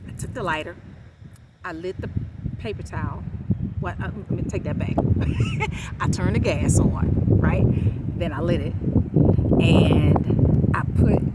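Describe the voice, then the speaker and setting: A woman vlogger telling a personal story to camera outdoors, animated and laughing often as she talks to her viewers. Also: lowish voice. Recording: outdoor noise with passing traffic. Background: outdoor ambience and vehicles.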